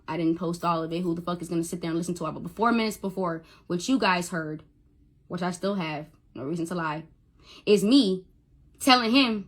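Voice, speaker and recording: A woman's voice: on the low side, fairly bright tone. A young woman on a phone livestream, talking emotionally, stammering, repeating herself and swearing. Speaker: social media livestreamer.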